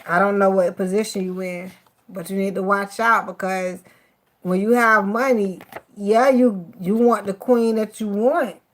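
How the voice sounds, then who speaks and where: A woman with a Miami accent reads tarot cards live for her viewers in a voice of middle pitch. She speaks with affection and emotion, sounding teary-eyed, and drops casual curses as she goes. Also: fairly even intonation, unhurried. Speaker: tarot card reader.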